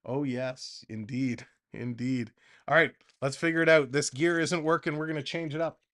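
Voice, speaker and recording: A man's voice: fairly high pitch, normal speed. A man hosting a live hockey stream, calling the play-by-play and chatting with viewers in the comments. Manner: chatty, excitable, reads viewer comments between calls. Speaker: livestream play-by-play host. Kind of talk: live play-by-play and chat reading.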